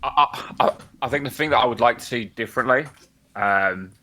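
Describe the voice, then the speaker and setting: A man's voice: medium pitch, a little fast, sharp tone. Blunt, sweary young man. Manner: blunt and sweary, with many fillers. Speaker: podcast co-host. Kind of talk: casual chat.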